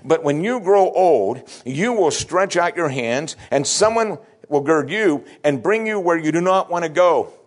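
A man's voice: a little slow, hardly any pauses. A middle-aged man preaching a sermon, acting out scripture dialogue with big swings in his voice. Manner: expressive preaching, acting out scripture dialogue with sweeping pitch shifts. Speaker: pastor.

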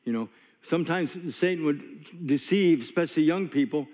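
At a moderate pace, a man with a slightly high, slightly mellow voice preaches in a folksy, chatty manner, telling stories with plenty of asides. The recording carries long hall reverb and a dull, lo-fi quality.

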